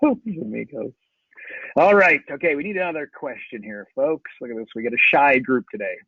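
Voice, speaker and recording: A man hosting a live call, jokey and energetic, laughing often as he chats casually. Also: mid-range voice, moderate pace, breathy edge, dry recording. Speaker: host. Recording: tinny phone-like call audio.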